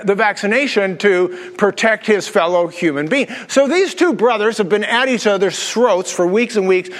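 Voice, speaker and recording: A high-pitched male pastor preaches with energy, tossing out jokes and rhetorical questions. His voice rings through a large hall with a long reverb tail. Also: fairly bright tone. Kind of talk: sermon.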